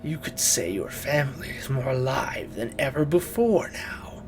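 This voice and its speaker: A man voicing a demonic possessed woman in a whispered role-play, with a deep, sinister, slow whisper. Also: lively intonation, music in the background, lightly acted. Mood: menacing. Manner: slow, sinister hissing delivery.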